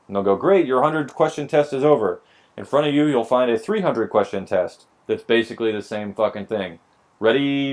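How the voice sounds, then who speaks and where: On a casual drinking podcast, a man with a low, darkish voice co-hosts and explains police hiring. A little tipsy, he tells wry, profane stories about the hiring process, complete with mock dialogue.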